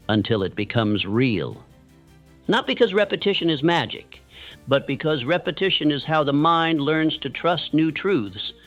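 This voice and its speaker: A man giving a scripted motivational speech, leading listeners through affirmations in a measured, earnest way. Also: on the high side, fairly bright tone. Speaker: motivational speaker. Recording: dull lo-fi sound with faint music.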